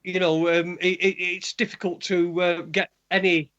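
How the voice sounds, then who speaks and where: Hesitant high-voiced man, muffled sound. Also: little pitch movement, normal speed, a bit bright. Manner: hesitant, many repeated words. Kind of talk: casual chat.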